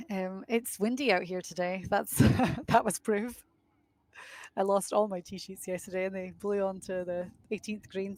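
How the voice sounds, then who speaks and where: A young woman doing live golf commentary outdoors on a windy course, chatty and self-deprecating. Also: mid-range voice.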